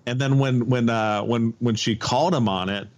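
A man's voice: mid-range voice, normal speed. A man co-hosting a comedy podcast in casual chat, rambling with frequent restarts. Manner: rambling, many restarts and fillers. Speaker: podcast co-host.

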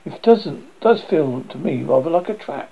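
A man reading the part of a cheerful, slightly naive young naval doctor in a gravelly, husky voice, on a dull lo-fi recording. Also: a little high, expressive, moderate pace. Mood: uneasy.

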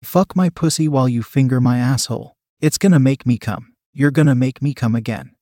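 Pleading woman lover read by a man, dry close sound, even pitch. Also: a little fast, dry recording, close to an everyday voice. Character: eager submissive adult woman lover.

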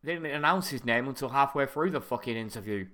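Bright British man, rambling and profane. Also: mid-range voice, expressive, quick pace. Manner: rambling, profane, drifts into tangents. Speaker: podcast co-host. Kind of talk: casual chat.

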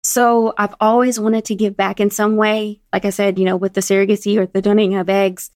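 A woman in her thirties, a podcast guest telling stories in a casual, animated way and acting out the dialogue she quotes. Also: mid-range voice, fairly quick, no echo, studio quality. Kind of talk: casual storytelling interview.

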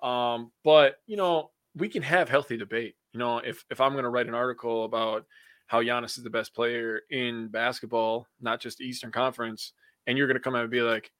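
A man co-hosting a sports podcast in casual chat, getting excited and swearing freely. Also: mid-range voice, moderate pace, no echo.

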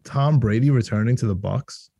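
A young man chatting on a sports podcast in a mellow, low-key timbre. He rambles excitedly, restarts his sentences and laughs a lot. The sound is close and dry. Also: moderate pace, vocal fry, husky, no room sound. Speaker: podcast co-host. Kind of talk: casual sports podcast chat.

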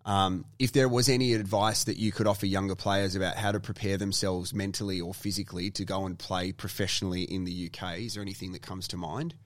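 A man's voice: sits low, flat delivery, quick pace, few pauses, no echo. A man with an Australian accent hosting a podcast, chatty and teasing his guest. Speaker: podcast host. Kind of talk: casual podcast interview.

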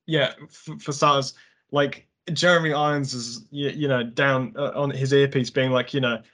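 A man's voice: mid-range voice, fairly even intonation, moderate pace, pushed and bright. A man talking casually as a film reviewer, rambling with many fillers. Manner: rambling, heavy with fillers like "you know". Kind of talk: casual chat.

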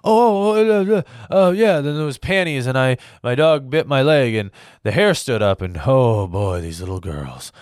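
A rambling, muddled old president who mumbles and keeps losing the thread, as a man puts on the impression. The sound is dry and close, with pitch that lurches up and down between halting fragments. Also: expressive, a little mellow, dry recording, close to an everyday voice.

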